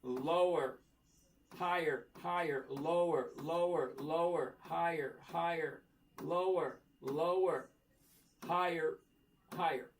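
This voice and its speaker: Slow, emphatic man hosting a livestream. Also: on the high side, slight background noise. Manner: slow, emphatic, repeats "okay?" to check understanding. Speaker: livestream host answering viewer questions. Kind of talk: casual livestream chat about stocks.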